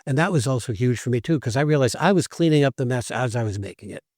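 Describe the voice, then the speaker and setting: A man's voice: mid-range voice, fast, dry recording, clean studio sound. A man co-hosting a podcast, telling stories in casual conversation and acting out the lines he quotes. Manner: animated storyteller who acts out quoted lines. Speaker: podcast co-host, acting teacher.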